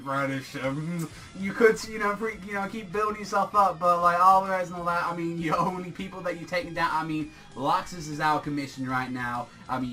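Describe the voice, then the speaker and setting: A man rambles through a casual manga review, excitable and swearing freely. His voice sits a little high and rings bright and forceful. Faint music plays underneath. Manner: excitable, profane, rambling with many fillers.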